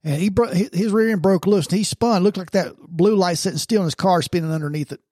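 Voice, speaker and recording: A man's voice: sits high, quick pace, dark tone, no room sound, clean studio sound. An older man, a former police officer who rambles through stories with stammering restarts and blunt remarks. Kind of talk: casual chat.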